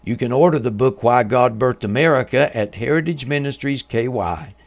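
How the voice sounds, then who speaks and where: Male radio host, measured scripted religious narration, solemn and even-pitched.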